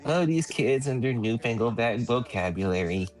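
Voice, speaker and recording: A man's voice: mid-range voice, animated, normal speed, darkish tone, soft background music, low-quality recording. A man who teaches young children, telling classroom stories in casual chat with playful exaggeration. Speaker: school teacher.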